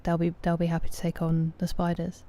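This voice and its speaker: A woman's voice: on the low side, monotone, fairly quick, dark tone. A woman with a British accent chatting casually with viewers during a live game stream, answering them by name.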